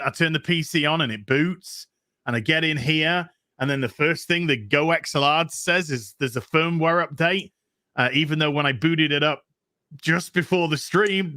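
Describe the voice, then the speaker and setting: A man's voice: fairly high pitch, no room sound. Male co-host, breathless, rambling storyteller, dry close mic. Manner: rambling, animated storytelling with many restarts. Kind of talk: casual livestream chat.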